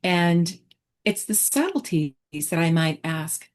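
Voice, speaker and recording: A woman therapist explaining her approach in a relaxed online teaching chat, talking reflectively with many fillers and restarts. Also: on the low side, slow pace. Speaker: therapist presenter.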